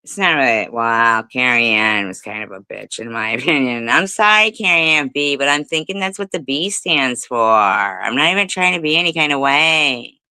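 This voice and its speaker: Woman with a clear, bright voice. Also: very deep voice, animated, moderate pace, few pauses, no room sound, low-quality recording. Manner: laughs often, swears casually, rambling. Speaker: livestream host. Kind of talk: casual storytelling chat. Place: home livestream.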